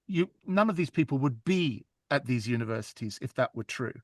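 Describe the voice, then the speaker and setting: A man interviewed about narrating audiobooks speaks a little fast with lively intonation in a mid-range voice. In this casual interview chat he sounds earnest and reflective, often restarting a phrase to find the right word, and the recording is dry with no echo.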